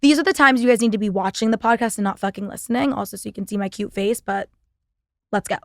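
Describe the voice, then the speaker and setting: A woman's voice: mid-range voice, fast, vocal fry, no room sound, studio quality. A young woman hosting a podcast, talking in a sarcastic, profane, rambling casual monologue. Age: young adult. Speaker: podcast host.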